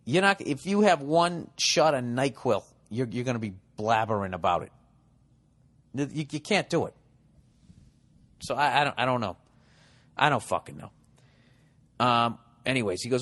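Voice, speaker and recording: A man's voice: mid-range voice, animated, normal speed, pauses often, fairly bright tone. Male comedy podcast host, rambling and profane, sarcastic. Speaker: podcast host reading listener letters.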